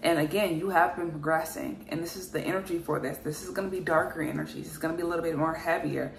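A woman's voice: sits low, steady tone, fast, gravelly. A woman giving an earnest spiritual reading to camera, emphatic and repeating herself, with frequent sighs. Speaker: spiritual reader. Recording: echoey room with faint noise.

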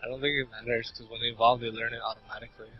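A man's voice: medium pitch, level tone, very fast. A man chatting casually with a gaming friend, joking and giving rambling explanations. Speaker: friend on call. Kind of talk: casual chat. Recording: lo-fi audio with faint game music.

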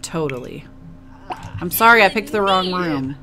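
A woman's voice: lowish voice, expressive, moderate pace, pushed and bright. A woman casually narrating a life-simulation game, chatty and emotive, cooing at her characters. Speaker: gaming video host. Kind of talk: casual let's play commentary.

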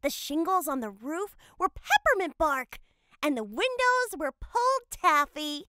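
A woman's voice: high voice, big pitch swings, measured pace, bright, forceful tone, exaggerated voice. A woman voicing a cheerful cat mother who narrates a cartoon storybook in a playful way.

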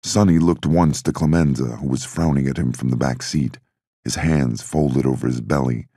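A man reading an audiobook in a steady, measured narration. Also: a bass voice, vocal fry, slightly rough, dry recording, clean studio sound.

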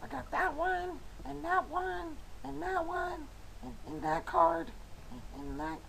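A woman with a raspy voice, talking trash playfully and excitably while playing a card game, swearing as she goes. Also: extremely high pitch, takes it slowly, slight background noise, low-quality recording. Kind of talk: casual trash talk during a card duel.

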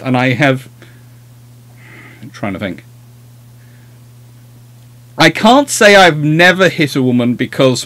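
A man's voice: medium pitch, fairly bright tone. A man hosting a livestream, chatting casually and telling rambling, self-deprecating anecdotes. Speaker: host of a naval history livestream.

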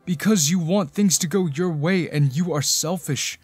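A man's voice: a little high, normal speed, slightly rough, dry recording, soft background music. A man reading as a hurt, angry husband. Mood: cold anger.

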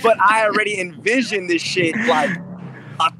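A man's voice: sits high, moderate pace, pushed and bright, slight background noise, low-quality recording. A man who fights professionally, telling stories in a casual interview with intensity and freely dropped swear words. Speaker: MMA fighter, interview guest.

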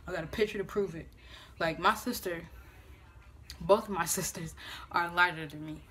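Young woman vlogger, lowish voice, casual and profane, phone-camera sound with faint room hum. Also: normal speed, long pauses. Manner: animated, profane, acts out quoted voices. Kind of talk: casual storytelling vlog.

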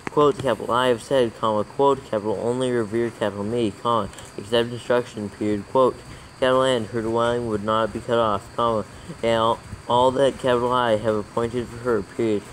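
Man, mid-pitched, flat delivery, methodical proofreading dictation. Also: normal speed, a little hiss or hum, rough recording. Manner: steady, monotone dictation, calling out capitals and commas. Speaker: proofreader reading scripture aloud. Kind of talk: dictating text with spoken punctuation.

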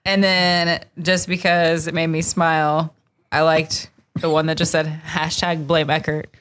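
Low-voiced woman in casual podcast chat. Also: level tone, measured pace, fairly bright tone. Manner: friendly, thinking aloud with fillers. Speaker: podcast co-host.

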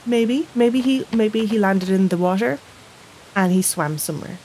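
A woman talks through a video game in casual commentary, indignant and cursing. Her voice sits at an ordinary middle pitch. A faint hiss runs under the recording. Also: moderate pace, a little mellow, low-quality recording. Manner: upset, indignant, swearing. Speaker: let's play gamer.

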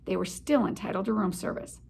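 A middle-aged woman, a head of school, reading a children's chapter book aloud in an expressive storytelling manner. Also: medium pitch, brisk, creaky, husky.

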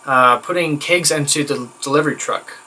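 A man's voice: a little high, moderate pace, bright, forceful tone, slight background noise, rough recording. A man talking straight to camera in a casual vlog, candid and rambling, venting with plenty of fillers and an exasperated edge. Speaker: vlogger.

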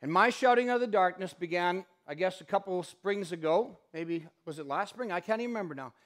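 Guy giving a fired-up talk in a lecture hall, high voice, tells stories and does the quotes. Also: fast. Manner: impassioned, animated storyteller who acts out quotes. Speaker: public lecturer. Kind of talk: public lecture storytelling.

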